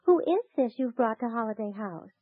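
A kind young lady speaks gently and in a motherly way in a high voice. It is 1940s radio acting on a tinny, phone-like, dry old transcription. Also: lively intonation, normal speed, no room sound. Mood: gentle. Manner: gentle, motherly, soft laughs.

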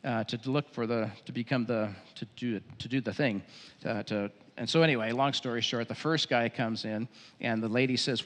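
A male pastor preaching in a church venue, emphatic and repetitive, dropping into a quicker, lower storytelling tone at times. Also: steady tone, a bit bright, long reverb tail. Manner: emphatic preaching with repeated phrases, drops low and quick for storytelling. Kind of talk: sermon.

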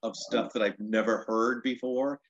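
A man's voice: mid-range voice, steady tone, moderate pace, muffled recording, a little hiss or hum. A male stand-up comedian recounting his career in a rambling, casual way, full of restarts and 'you know'. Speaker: stand-up comedian, interview guest. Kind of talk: casual storytelling.

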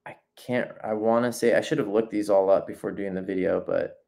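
A man's voice: fairly low pitch, steady tone, fairly quick, vocal fry, darkish tone. Man thinking aloud while painting. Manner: thinks aloud, breaks off and restarts sentences; friendly and encouraging to viewers. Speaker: nature journaling instructor. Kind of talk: casual live painting demonstration.

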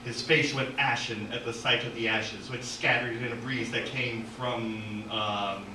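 A man reading from his own novel at an open mic in an art gallery, animated, with asides and self-corrections. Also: mid-range voice, a little slow, noisy background. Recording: echoey gallery from far off.

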